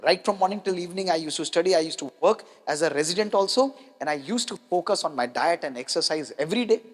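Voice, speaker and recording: A man's voice: on the high side, lively intonation, quick pace. A man gives a motivational health talk to an audience, emphatic and repeating key lines, with rhetorical questions. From India. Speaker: doctor giving a health talk. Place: large hall with an audience. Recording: long hall reverb.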